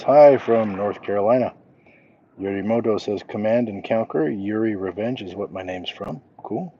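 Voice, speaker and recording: A man's voice: on the low side, dark tone, muffled recording, a little hiss or hum. Laid-back man livestreaming on a night walk. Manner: laid-back, chuckling, drawn-out phrasing. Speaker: livestream host. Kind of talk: casual livestream chat, reading comments aloud. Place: outdoors at night, crickets around.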